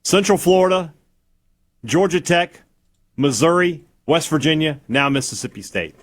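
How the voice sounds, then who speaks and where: A man's voice: on the high side, lively intonation, moderate pace. A man co-hosting a sports talk radio show, chatting casually in an enthusiastic, teasing way.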